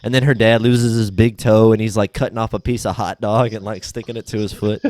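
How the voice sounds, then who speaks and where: A man's voice: on the low side, flat delivery, a little fast, a little mellow, dry recording. A young man co-hosting a podcast in casual chat, retelling sketches animatedly in goofy voices and swearing freely. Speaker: podcast co-host.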